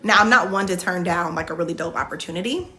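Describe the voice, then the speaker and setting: A woman's voice: lowish voice, quick pace, pushed and bright. A woman hosting a casual livestream Q&A, chatting loosely with lots of "like" fillers and answering viewer comments as they come in. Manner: frequent "like" fillers and restarts. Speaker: reality show contestant hosting a live Q&A.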